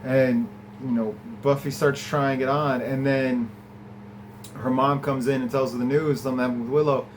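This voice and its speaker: A man's voice: flat delivery, normal speed, a little hiss or hum, low-quality recording. Chatty man recapping an episode. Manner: chatty and enthusiastic, laughs often, swings from low to high pitch. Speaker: podcast host reviewing an episode. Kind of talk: casual recap and commentary.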